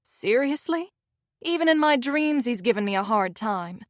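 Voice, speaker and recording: Young woman, Southern accent, romance audiobook narration, wry, higher pitch, dry close recording. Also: animated, normal speed, dry recording. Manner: wry, self-mocking.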